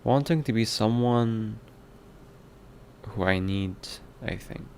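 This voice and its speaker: Slow, gravelly-voiced man thinking aloud. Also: lowish voice, a little mellow, a little hiss or hum. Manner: musing, reads chat aloud, toys with mock accents. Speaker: indie game developer streaming his work. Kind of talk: casual livestream chat, thinking aloud.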